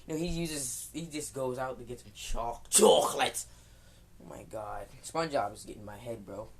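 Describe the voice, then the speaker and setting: A man's voice: mid-range voice, normal speed, a little hiss or hum. A young man casually improvising a fan fiction story, rambling with lots of fillers, restarts and chuckled asides.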